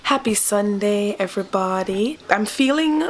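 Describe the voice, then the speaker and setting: A young woman recording a casual video diary at home while sick, her voice stuffy and raspy, talking frankly and with exasperation. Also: medium pitch, animated, unhurried, slight background noise. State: stuffy, hoarse from illness. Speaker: vlogger. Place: at home by a window.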